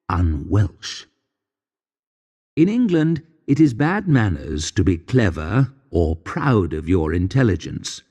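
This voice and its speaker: A man narrates slowly and deliberately, his fairly low voice rising and falling with a lot of movement. His tone is mellow and dark. A long reverb trails behind every phrase. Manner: measured, deliberate reading. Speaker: audiobook narrator. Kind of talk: slow scripted narration for English learners.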